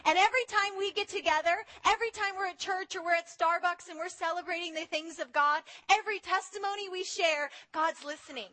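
A woman delivers a sermon with a very high, bright voice. She is animated and slips into little voices for the people she quotes. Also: a little fast, hardly any pauses. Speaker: preacher.

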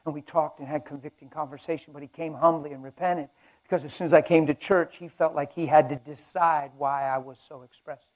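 A man preaching at a conference, telling a personal story with passion and swinging between loud and hushed delivery. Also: on the high side, steady tone, fairly quick, low-quality recording. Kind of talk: sermon with storytelling. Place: conference hall.

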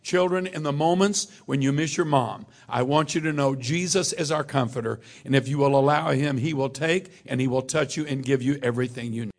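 A man's voice: mid-range voice, fairly quick, few pauses, a little hiss or hum. A man and church missions official giving an earnest, fervent memorial tribute in a church cadence.

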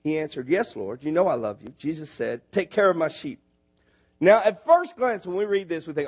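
A man preaching in church, his voice pitched high for a man. He is animated and conversational, building to loud, emphatic peaks when he drives a point home. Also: normal speed, slightly rough. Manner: animated, rising to near shouts when stressing a point. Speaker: missionary preacher. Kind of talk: sermon.

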